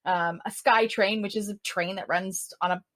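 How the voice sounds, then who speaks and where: A woman's voice: medium pitch, fairly even intonation, moderate pace, a bit bright. A woman, a podcast guest, chatting casually and explaining at length with asides. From Canada. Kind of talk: casual conversation.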